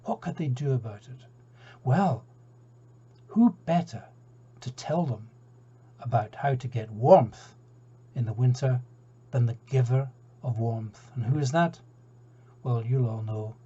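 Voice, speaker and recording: A Scottish man telling a folk tale in a relaxed, chatty way, turning aside to his listeners. His voice is mellow and a little husky, and the recording sounds dull and lo-fi. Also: medium pitch, unhurried, pauses often. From Scotland. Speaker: storyteller.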